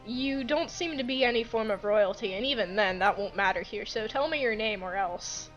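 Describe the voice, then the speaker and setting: A woman's voice: mid-range voice, normal speed, lo-fi sound, soft background music, lightly acted. A woman voicing a small, annoyed creature with a clipboard who talks down to everyone. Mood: annoyed, dismissive. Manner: dismissive, done-with-it. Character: small grumpy clipboard-carrying creature, bored and rude.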